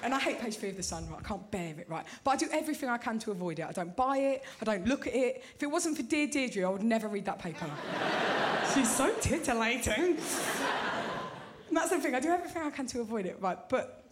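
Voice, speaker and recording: High-voiced woman doing stand-up. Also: animated, racing. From Britain. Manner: chatty, checks in with "right?". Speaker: stand-up comedian. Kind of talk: stand-up comedy set. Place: comedy club stage. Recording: loud crowd noise in a club.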